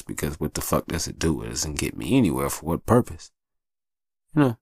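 A man hosting a podcast tells personal stories in a candid, profane, casual monologue, acting out voices in his tales. His voice rumbles low and gravelly, with no echo.

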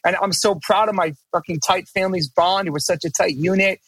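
A man's voice: sits high, steady tone, a little fast, fairly bright tone, slightly rough, no echo. A middle-aged man talking as a podcast guest in casual chat, emphatic, profane and rambling, restarting his sentences.

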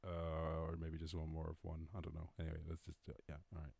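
A man's voice: extremely low pitch, completely flat delivery, fast, gravelly, breathy edge. A young man from Ireland hosting a live stream from home, chatting in a rambling, self-mocking, laid-back way between freestyle raps. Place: at home during lockdown. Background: loud backing beat.

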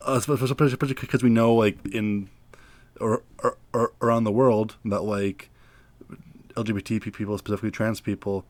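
Halting young man, low dry voice. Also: fairly even intonation, a little mellow, dry recording. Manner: halting, stammers and repeats words. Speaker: podcast co-host. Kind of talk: casual podcast film review chat.

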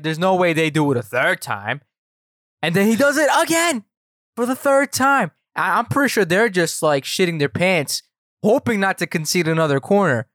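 A man with a fairly high voice co-hosts a casual football podcast. He reasons aloud in a slangy, laid-back way, recorded dry and close. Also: expressive, normal speed, a bit bright, no room sound. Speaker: podcast co-host. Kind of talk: casual sports podcast chat.

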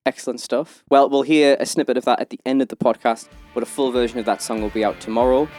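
A man's voice: mid-range voice, fairly even intonation, fast, darkish tone, no room sound, soft background music. A man hosting a podcast in casual chat, laid-back and swearing now and then. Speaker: podcast host.

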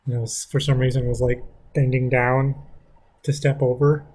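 Husky man telling a rambling school story. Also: mid-range voice, flat delivery, moderate pace, a little mellow. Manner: rambling, frequent fillers and restarts, swears. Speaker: vlogger. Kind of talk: casual storytelling.

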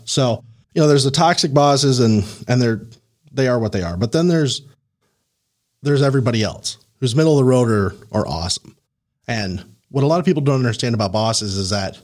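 A podcast host who works as a career coach guides a guest in a casual, animated manner, laughing and acting out the people he quotes. His voice is medium in pitch.

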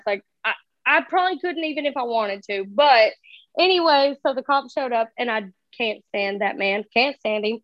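A profane, high-voiced woman. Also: moderate pace, no echo, muffled recording. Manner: profane, animated storytelling. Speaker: guest telling a story. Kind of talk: casual storytelling chat.

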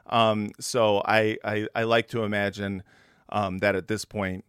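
A man's voice: on the low side, flat delivery, a little slow, fairly bright tone, clean tone, dry recording, studio quality. A man hosting a podcast in casual chat, hesitant and wry, with many fillers. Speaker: podcast host.

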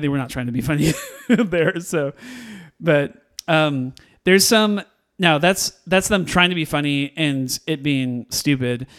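A man with a somewhat high voice, chatting through a film review on a podcast. He is animated, laughs often and puts on the characters' lines as he retells scenes. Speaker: podcast co-host. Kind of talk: casual movie review chat.

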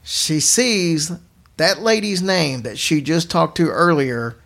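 Male podcast host, gravelly and casual, narrating creepy tales. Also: on the high side, slow, fairly bright tone. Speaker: podcast host telling ghost stories. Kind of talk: casual storytelling chat.

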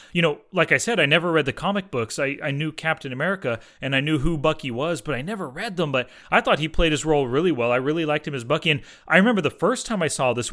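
A man's voice: on the high side, pushed and bright. An easygoing man chatting casually about a movie as a podcast co-host, agreeing readily with his partner.

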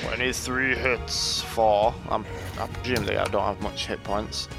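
A man's voice: on the low side, steady tone, a little slow, vocal fry, over music. A man playing a tabletop game over a video call, easygoing in his manner. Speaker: player.

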